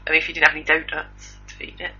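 A woman's voice: sits low, monotone, very fast, sharp tone, husky, lo-fi sound, soft background music. A woman co-hosting a radio show, chatting wryly about news stories and rambling from one thought to the next. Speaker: radio co-host. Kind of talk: casual chat reading out news stories.

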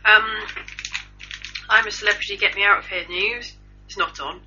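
A woman's voice: medium pitch, fairly even intonation, moderate pace, noisy background. A woman co-hosting a casual homemade news chat, reading out gossip items with dry jokes. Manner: dry, joking news rundown. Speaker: podcast co-host. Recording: lo-fi home recording.

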